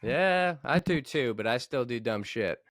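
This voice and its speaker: A man hosting a podcast, asking his guest quick, enthusiastic questions. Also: medium pitch, lively intonation, a bit bright. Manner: enthusiastic, asks short questions. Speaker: podcast host. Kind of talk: casual interview.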